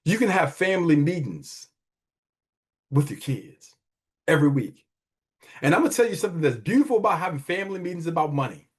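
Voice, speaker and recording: A man's voice: fairly high pitch, sing-song, fairly quick, pauses often, husky. A middle-aged man hosting a wealth podcast, giving emphatic, preachy motivational money talk and repeating phrases for effect. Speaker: wealth advisor and podcast host.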